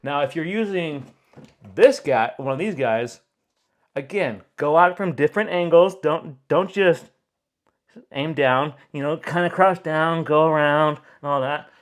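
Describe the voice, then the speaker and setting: A man, a photographer and video host, giving chatty, animated reaction commentary and laughing along. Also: a little high, unhurried.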